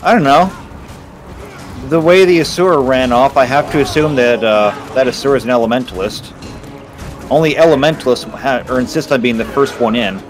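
A man's voice: mid-range voice, a little fast, poor audio. A man chatting casually and joking with dry teasing while playing a game, with game music behind him. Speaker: game player. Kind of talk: casual gameplay chat.

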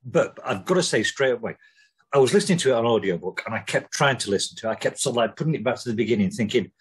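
A man's voice: medium pitch, lively intonation, very fast, breathy edge, low-quality recording. A man co-hosting a podcast, rambling and joking with lots of swearing and ums. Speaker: podcast co-host. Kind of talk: casual chat.

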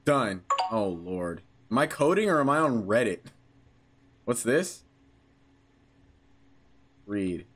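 A man's voice: fairly low pitch, sing-song, slow, pauses often, noisy background. A young man commentating a horror game playthrough, joking, swearing and reading the game's text aloud. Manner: jokey, profane, reads game text aloud. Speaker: gaming YouTuber.

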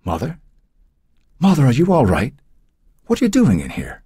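A man's voice: medium pitch, huge pitch swings, normal speed, warm tone, slightly rough, no echo, studio quality, pitched above the performer's own voice, exaggerated voice. A man voicing a grown woman speaking firmly but with care to her aged mother, in an audiobook reading. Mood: worried. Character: concerned grown daughter, practical and firm.

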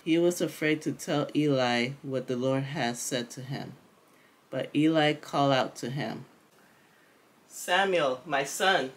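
A woman's voice: very deep voice, measured pace. A woman narrating a Bible chapter as a storybook reading, carefully and aloud.

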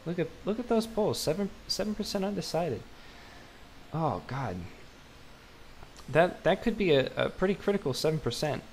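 A man's voice: a little high, expressive, moderate pace, pauses often, darkish tone, a little hiss or hum. Rambling young man playing a game. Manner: rambling, self-mocking, with frequent fillers and restarts. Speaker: gaming video host. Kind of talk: casual let's-play commentary.

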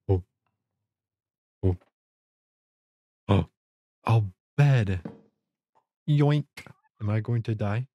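With a fairly low, mellow voice, a young gaming YouTuber speaks extremely slowly and pauses often while narrating a Minecraft survival game. His commentary is goofy and easily startled, with gasps and jokes to himself, and faint music plays behind.

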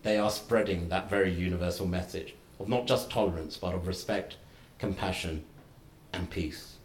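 Measured man, low voice, roomy hall. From United Kingdom. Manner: measured, deliberate delivery in short phrases; wry anecdotal humour. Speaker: guest lecturer. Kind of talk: formal public lecture. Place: lecture hall.

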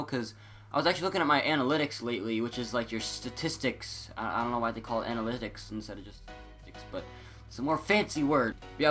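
Rambling excitable teen boy gamer. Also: medium pitch. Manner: scattered, self-interrupting, excitable. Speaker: gaming YouTuber. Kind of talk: rambling casual commentary.

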